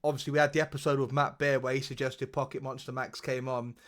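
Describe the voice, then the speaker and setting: A man's voice: mid-range voice, level tone, fast. A young British man co-hosting a podcast, rambling in casual chat with lots of slang, swearing and laughter. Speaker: podcast co-host.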